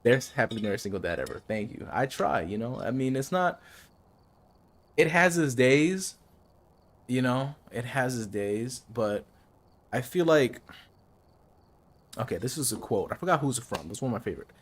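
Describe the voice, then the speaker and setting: Lively-voiced man streaming a game. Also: mid-range voice, fairly quick, slight background noise. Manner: chatty, giving calm life advice to chat. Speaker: gaming streamer. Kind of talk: casual chat while streaming a game.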